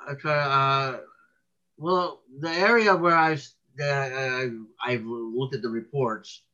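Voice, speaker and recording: Rambling bright-voiced man, lo-fi sound. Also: medium pitch, slow. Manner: rambling storyteller with many restarts and fillers. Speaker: cryptid researcher guest. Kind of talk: casual interview talk.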